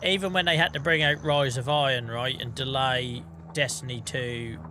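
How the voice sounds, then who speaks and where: A man's voice: mid-range voice, steady tone, moderate pace, sharp tone, slight background noise. A man streaming a farming game, chatting casually in a rambling, self-deprecating way with the odd swear. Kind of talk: casual gaming stream chat.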